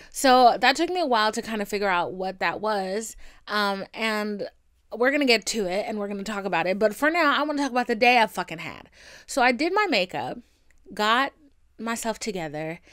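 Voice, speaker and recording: A woman's voice: medium pitch, animated, a little fast, fairly bright tone, no room sound, studio quality. A young woman hosting her own podcast, venting in a candid, chatty and profane way full of asides. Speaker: podcast host. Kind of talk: casual solo venting podcast.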